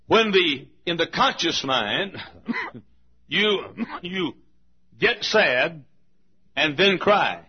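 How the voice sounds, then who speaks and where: A man preaching a sermon as pastor to his congregation, slow and emphatic, repeating key phrases and urging the listeners to pay attention. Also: a little high, animated, husky, highs cut off. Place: large auditorium.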